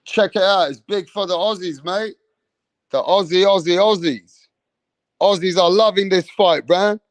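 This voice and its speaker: A man's voice: sits high, no room sound. A young man hosting a boxing livestream, chatting casually with plenty of slang, repeating himself and reading out viewer comments. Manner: repetitive, slangy, reads viewer comments aloud. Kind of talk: casual live chat.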